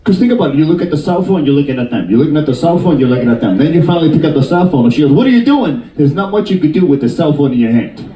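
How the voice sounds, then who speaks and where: A man in his fifties doing stand-up comedy and crowd work, teasing the audience in an animated, jokey way. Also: fairly high pitch, racing, hardly any pauses, echoey room, far from the mic, low-quality recording. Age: 50s. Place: cruise ship theater.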